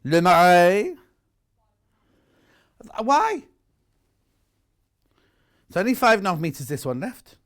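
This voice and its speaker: A man's voice: high voice, wildly swooping pitch, normal speed, pauses often, fairly bright tone. A man presenting live shopping television, chatting and bantering with his co-workers. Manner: chatty, bantering, chuckling asides.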